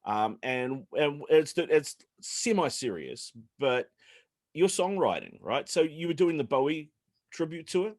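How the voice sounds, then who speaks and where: A man's voice: fairly high pitch, big pitch swings, a little slow, a little mellow. A man from New Zealand co-hosting a chat show, talking easily and rambling with fillers over a video call. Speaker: podcast co-host.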